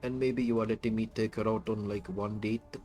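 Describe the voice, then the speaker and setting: A man's voice: fairly low pitch, flat delivery, brisk, dark tone, soft background music, natural voice. A man putting on a broken-English Indian haggler. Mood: mocking. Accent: put-on Indian English. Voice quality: broken grammar, sing-song phrasing. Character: mock Indian man haggling over a divorce deal.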